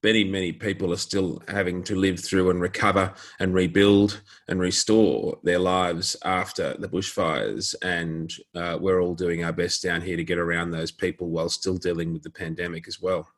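A man's voice: low-pitched, little pitch movement, moderate pace, few pauses. An Australian man, a lawyer, talking as a podcast guest in an easygoing, good-humoured way, with many fillers. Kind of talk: casual interview.

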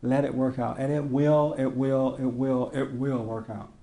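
A man's voice: medium pitch, level tone, unhurried, mellow. A man giving an informal sermon to a small group, telling stories in a conversational way and acting out quotes with laughter. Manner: conversational storytelling, acts out quotes, laughs often. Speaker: spiritual teacher. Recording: roomy echo.

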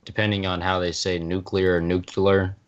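A man's voice: low voice, moderate pace, muffled recording, a crowd in the background. A man co-hosting a podcast, chatting in a casual, sardonic way. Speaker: podcast co-host. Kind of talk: casual chat.

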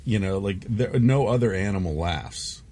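A man's voice: lowish voice, normal speed, warm tone. A man hosting a casual interview, asking curious questions. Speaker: host.

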